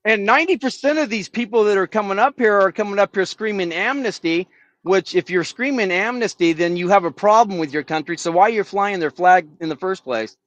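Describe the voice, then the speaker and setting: A man's voice: high-pitched, a little fast, fairly bright tone, dry recording, highs cut off. A man from San Diego telling a story indignantly as a guest in a casual chat. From San Diego, California, United States.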